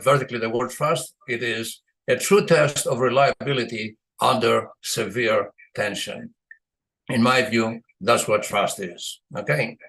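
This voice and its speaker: A man's voice: mid-range voice, a bit bright, rough recording. A man giving a recorded lecture as a university lecturer, talking through his slides in a conversational way and often checking in with his listeners.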